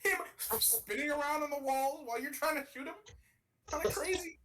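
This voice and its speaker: A man's voice: very high voice, fairly quick, a bit bright, rough recording. A young man co-hosting a casual gaming podcast, rambling and swearing as he ranks characters. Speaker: podcast co-host.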